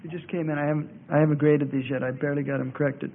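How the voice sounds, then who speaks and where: Bible teacher, male, high voice, insistent and repetitive, narrow phone-like old tape. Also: little pitch movement, racing. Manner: argumentative, repeats points for emphasis. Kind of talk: classroom lecture.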